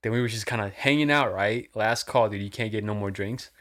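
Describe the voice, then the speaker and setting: A man's voice: fairly low pitch, fairly quick, fairly bright tone. A young man telling a rambling, profane story in casual chat, saying "dude" and "like" all the time.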